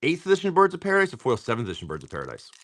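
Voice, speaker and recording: A young man rattles off card names in quick lists and jokes with his chat as he opens packs on a live stream. His pitch swings widely, jumping up and down as he talks. The delivery is loose and rambling. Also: wildly swooping pitch, fairly bright tone, a little hiss or hum. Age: young adult.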